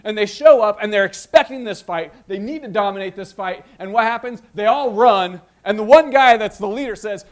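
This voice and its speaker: Male pastor, high-pitched voice, lively storytelling sermon delivery. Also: moderate pace, hardly any pauses. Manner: storytelling, animated retelling with voiced asides.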